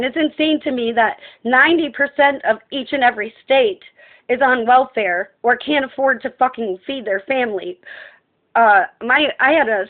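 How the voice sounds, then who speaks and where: A woman speaking in an impassioned, profane personal monologue, ranting at length. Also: on the high side. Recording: tinny phone-like sound.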